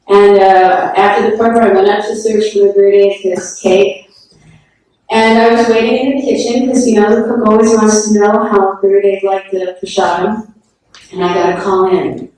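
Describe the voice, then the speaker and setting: A woman's voice: mid-range voice, darkish tone. Woman telling stories on herself, frank and laughing, far off in a really echoey hall. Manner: frank, self-deprecating, laughing often. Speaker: speaker at a memorial gathering. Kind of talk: telling personal anecdotes.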